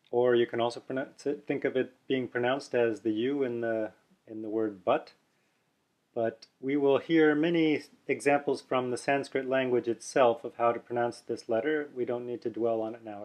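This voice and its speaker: A man teaching pronunciation in an unhurried explanatory way, often restarting phrases and repeating example sounds. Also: mid-range voice, a little mellow. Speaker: language teacher. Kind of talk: explaining pronunciation over a document.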